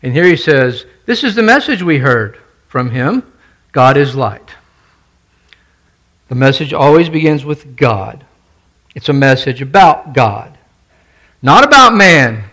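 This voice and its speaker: A man's voice: mid-range voice, sing-song, unhurried, long pauses, sharp tone. A male pastor preaching a sermon, stressing and repeating his key points and putting questions to the congregation.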